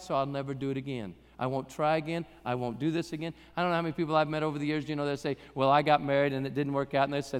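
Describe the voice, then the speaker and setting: During a live church service, a middle-aged male pastor delivers a sermon in a loose, conversational way, dropping in jokes before driving his points home with rising emphasis. His voice is high, and a long hall reverb lingers after each phrase.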